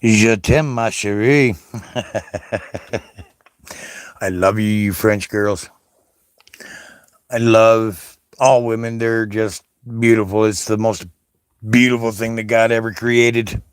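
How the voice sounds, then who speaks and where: A man's voice: fairly low pitch, fairly even intonation, unhurried, long pauses, clean tone, no room sound, clean studio sound. A man talking to camera in a rambling, casual monologue, swearing and hopping between foreign greetings.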